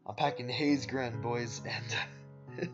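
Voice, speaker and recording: A man's voice: mid-range voice, a little fast. A man giving casual voice-over commentary on his own competitive game matches. He rambles in a laid-back way, with lots of fillers, and talks to viewers as "guys" and "boys". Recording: dull lo-fi audio with background music. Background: soft guitar background music.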